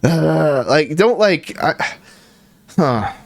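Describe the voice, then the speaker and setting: A man's voice: a little high, expressive, very slow, creaky, a crowd in the background. A man streaming from home, casually coaching a guest, rambling and laughing often. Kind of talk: casual chat.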